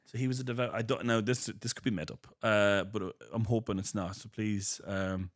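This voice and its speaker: A man with a low-pitched voice hosts a comedy podcast in loose conversation. He rambles through anecdotes and acts out what people said along the way. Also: fairly even intonation, brisk. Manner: rambling storyteller, acts out quotes. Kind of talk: casual comedic chat.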